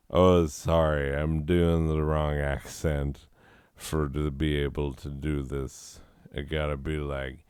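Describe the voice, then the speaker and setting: Deep-voiced guy doing a sarcastic comedy rant, smooth, dry close mic. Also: flat delivery, takes it slowly, a little mellow, no room sound. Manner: sarcastic, mocking, laughs at own jokes. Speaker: comedy host reading listener letters. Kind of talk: comedic riffing monologue.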